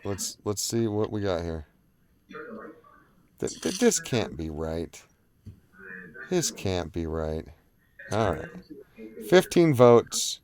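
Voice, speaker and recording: A man's voice: lowish voice, big pitch swings, slow, pauses often, darkish tone. A man hosting a live online panel in casual chat, rambling with fillers and easy laughs. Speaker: livestream host.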